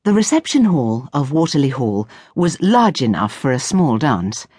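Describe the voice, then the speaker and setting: A woman narrating an audiobook in clear, expressive storytelling. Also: extremely low pitch, normal speed, no echo, clean studio sound. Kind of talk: scripted narration. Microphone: close studio mic.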